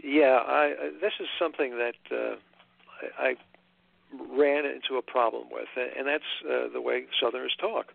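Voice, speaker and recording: An older man from Long Island speaks as an author guest in a radio interview. His voice is deeply gravelly, and he pauses often, filling gaps and restarting his sentences. It comes through a tinny, dry phone line. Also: steady tone, no echo. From Long Island, New York. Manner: halting, many fillers and restarts.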